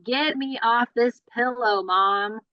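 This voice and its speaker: A woman's voice: a little high, slow pace, no room sound, muffled recording, pitched above the performer's own voice. A woman speaking as a fussy, uncomfortable baby, voicing its complaints and questions in the first person. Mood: pleading.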